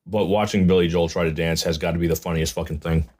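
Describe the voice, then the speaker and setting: Low-voiced man, sick, on a podcast. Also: steady tone, fast talker, darkish tone. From New York suburbs. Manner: laid-back, with fillers. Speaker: podcast co-host. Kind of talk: casual chat.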